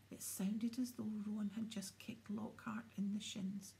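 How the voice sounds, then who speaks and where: A woman reading a children's fantasy novel aloud, often sinking into a hushed whisper as she narrates. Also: medium pitch, flat delivery, unhurried, vocal fry, few pauses, poor audio. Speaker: audiobook reader. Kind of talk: storybook narration.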